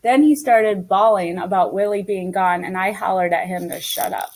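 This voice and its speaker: Woman reader, mid pitch, steady first-person storytelling for a children's book. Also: moderate pace, poor audio. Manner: steady storytelling as a young girl. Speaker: audiobook narrator. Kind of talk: scripted first-person audiobook narration.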